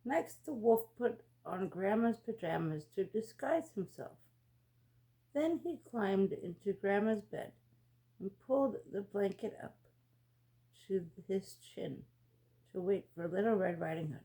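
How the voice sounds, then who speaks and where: A woman reading a fairy tale aloud as a storyteller, in a slow, expressive read-aloud manner. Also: medium pitch.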